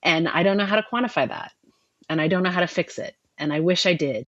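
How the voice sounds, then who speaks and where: A middle-aged woman telling a painful personal story with emotion, pausing and restarting often. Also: lowish voice, lively intonation, fairly bright tone, no echo, dull audio. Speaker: guest sharing her story. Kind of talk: personal testimony.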